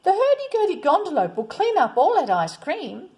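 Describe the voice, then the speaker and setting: A woman voicing a group of excited young children in a read-aloud storybook, calling out together. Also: high voice, moderate pace, pitched above the performer's own voice, heavily acted. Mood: cheering.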